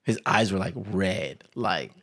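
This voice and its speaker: A man's voice: low-pitched, takes it slowly. Casual young man telling stories. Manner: animated storyteller, laughs often, acts out quotes. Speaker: podcast host. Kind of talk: casual chat.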